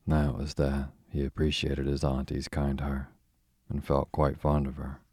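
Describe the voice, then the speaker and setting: A man narrating a classic storybook in a steady, measured reading voice with a husky tone. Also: very deep voice, dry recording, studio quality. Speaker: audiobook narrator.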